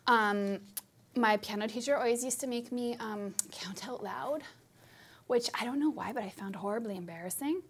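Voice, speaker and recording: A woman's voice: on the high side, moderate pace, slight background noise. A woman giving a live piano lesson, explaining in an upbeat, chatty way. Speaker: piano teacher. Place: studio with piano.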